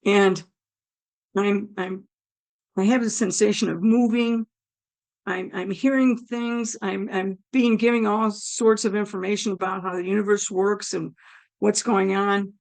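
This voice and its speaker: A woman recounts a personal story in a gravelly, hoarse voice at a medium pitch. She acts out the thoughts she had at each moment. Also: unhurried. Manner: animated, acts out her own thoughts. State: hoarse, damaged throat. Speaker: guest telling her near-death story.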